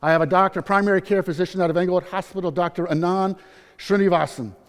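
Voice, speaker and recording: A man in his sixties tells his own story to a conference audience, keeping it upbeat and funny. His voice sits a little high for a man. The hall around him rings with a long reverb. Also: fairly even intonation, quick pace. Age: 60s. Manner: upbeat, humorous storyteller, acts out quotes. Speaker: patient speaker at a nursing conference. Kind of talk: personal story talk to a live audience.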